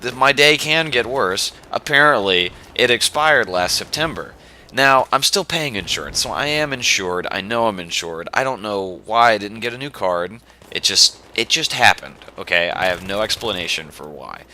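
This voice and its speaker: A young man hosting a podcast, telling a rambling, exasperated story in a casual way. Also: lowish voice. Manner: rambling, exasperated, animated retelling. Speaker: podcast host.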